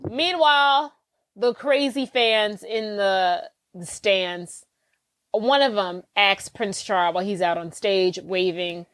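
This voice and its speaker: A woman's voice: medium pitch, takes it slowly, fairly bright tone, dry recording. A woman co-hosting a podcast, casually and animatedly recapping a movie with slang. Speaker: podcast co-host.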